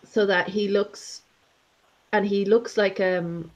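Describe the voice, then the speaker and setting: Halting woman chatting about a book. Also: mid-range voice, fairly even intonation, low-quality recording. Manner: halting, many fillers and restarts. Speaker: book discussion co-host. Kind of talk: casual book discussion.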